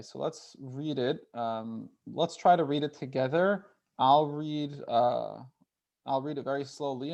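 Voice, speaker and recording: A man's voice: medium pitch, vocal fry, darkish tone, dull audio. A man teaching a youth class in a conversational way, often checking in with his listeners as he explains. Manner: reads Hebrew text slowly with the group.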